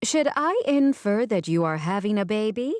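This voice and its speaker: A woman voicing an older mother and boss who talks in a formal, commanding way and gushes when excited, in a dry recording. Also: medium pitch, moderate pace, dry recording, pitched above the performer's own voice, lightly acted. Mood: stunned.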